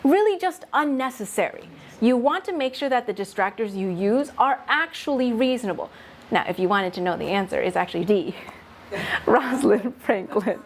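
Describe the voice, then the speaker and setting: A woman leading a teaching workshop for faculty, explaining test writing patiently with worked examples and light laughs. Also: mid-range voice. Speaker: faculty development presenter.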